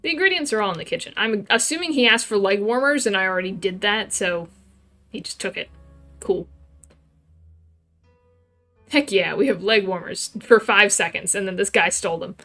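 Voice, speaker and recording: A woman's voice: mid-range voice, animated, moderate pace, long pauses, pushed and bright, soft background music. A woman streaming a game, chatting casually and playfully reading the characters' lines aloud in light voices.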